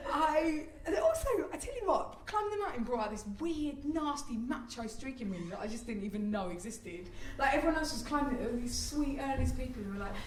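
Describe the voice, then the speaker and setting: A woman's voice: high-pitched, sing-song, brisk, hardly any pauses, a little hiss or hum. A woman performing live stand-up comedy, chatty and self-mocking. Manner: chatty, self-mocking, bursts into squealing act-outs. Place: theatre stage before a laughing audience. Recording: roomy live theatre recording, mic at a distance, loud audience.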